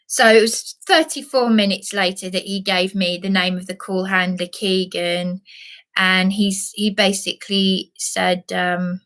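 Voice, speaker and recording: A woman's voice: mid-range voice, steady tone, unhurried, a bit bright. A woman delivering an agitated vlog rant, repeating and restarting herself for emphasis. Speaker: vlogger. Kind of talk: emotional monologue rant.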